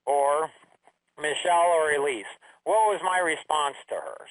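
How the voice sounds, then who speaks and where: A man's voice: on the high side, a little slow, fairly bright tone, dry recording, distant mic, low-quality recording. A middle-aged man hosting a radio talk show, telling a story casually and acting out the family dialogue he quotes.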